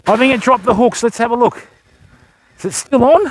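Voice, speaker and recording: High-voiced older Australian fisherman streaming. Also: brisk. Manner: chatty, thanks viewers while fishing. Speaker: fishing livestreamer. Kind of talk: live fishing stream chat. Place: outdoors on a beach by the surf. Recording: faint surf noise outdoors. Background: waves and surf.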